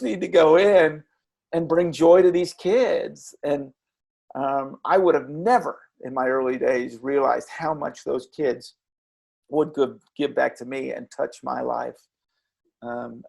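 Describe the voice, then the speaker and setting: A man reflecting earnestly as an interview guest, with a gravelly voice and frequent halting restarts. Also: a little high, fairly even intonation, darkish tone. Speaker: interview guest, former children's character performer. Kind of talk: reflective storytelling.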